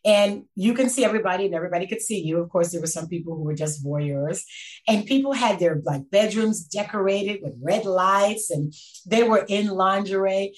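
A woman guest and sex educator from Canada, telling animated stories in casual chat and laughing often. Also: mid-range voice, moderate pace.

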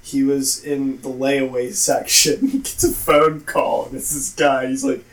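A man's voice: medium pitch, steady tone, unhurried, few pauses. A man co-hosting a podcast in casual chat, retelling a friend's story and steering the talk back on track. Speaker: podcast co-host. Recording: echoey room, mic far off.

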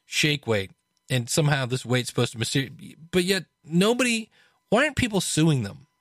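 A man casually talking through a book he is reading, chatty, with restarts and animated asides. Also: fairly high pitch, moderate pace, no echo, studio quality. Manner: conversational, frequent restarts and fillers. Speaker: podcast host reviewing a book.

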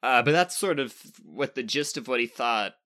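A man's voice: mid-range voice, animated, normal speed, pushed and bright. A man voicing Neptune, a timid male planet who stammers and hedges nervously in a storybook tale. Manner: stammering, hesitant.

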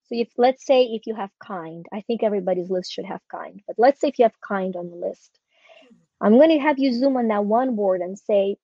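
A woman's voice: mid-range voice, a little fast, dark tone, no room sound, highs cut off. A woman in her forties, a guest coach on a podcast, teaching a process step by step with eager emphasis. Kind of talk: podcast conversation.

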